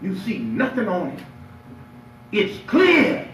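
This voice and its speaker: A man preaching a lively Friday sermon as imam, playful and emphatic, drawing responses from the congregation. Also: high-pitched, takes it slowly, slight background noise. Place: mosque prayer hall. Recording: echoey hall, picked up from far off.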